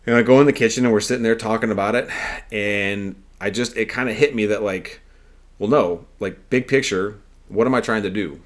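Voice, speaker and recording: A man's voice: lowish voice, brisk. A man hosting a podcast, telling a story in an earnest, rambling, conversational way. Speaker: podcast host. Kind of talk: casual storytelling monologue.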